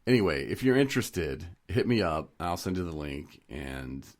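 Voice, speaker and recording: A man's voice: deep voice, sing-song, moderate pace. A man co-hosting a podcast, chatting casually and rambling through stories with frequent chuckles. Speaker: podcast co-host. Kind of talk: casual chat.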